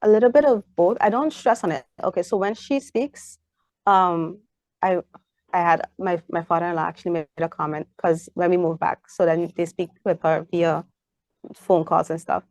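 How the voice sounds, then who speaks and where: Caribbean lady telling stories in an interview, lowish voice, dry close sound, does her kid's voice sometimes. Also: moderate pace, dry recording. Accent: Caribbean English. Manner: animated storyteller, acts out her child's voice. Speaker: interview guest. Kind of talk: casual interview chat.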